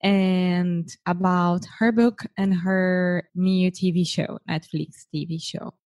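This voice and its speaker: Slow-talking woman searching for words. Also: lowish voice, fairly even intonation, a little mellow, highs cut off. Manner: unhurried, searches for words, laughs often. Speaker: co-host, English learner. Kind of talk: casual podcast chat.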